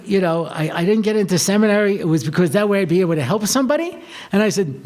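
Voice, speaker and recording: The rabbi speaks quickly here, his rather high male voice carrying a loose, lively storytelling talk for students in which he performs the characters' lines and keeps saying "you know."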